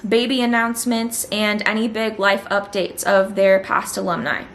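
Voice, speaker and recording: A woman's voice: medium pitch, fairly bright tone. Indignant young woman speaking to camera. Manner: indignant, emphatic, repeats phrases for effect. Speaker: former student, vlogger. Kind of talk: direct-to-camera vlog monologue.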